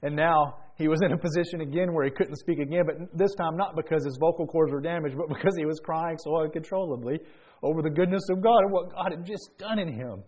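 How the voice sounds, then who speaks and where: A man preaching a sermon, telling a story quietly and then rising into loud, fervent praise. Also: fairly high pitch, quick pace.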